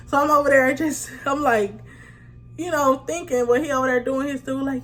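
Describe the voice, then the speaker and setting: A woman vlogger telling a funny story in a slangy, animated way, often breaking into laughs. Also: sits high, normal speed. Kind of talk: storytime vlog.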